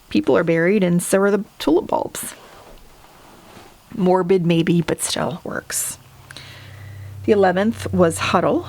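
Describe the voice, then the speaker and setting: A woman's voice: fairly low pitch, a little mellow. A middle-aged woman narrating a casual flip-through of her sketchbook, chatty and self-deprecating. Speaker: artist showing her sketchbook.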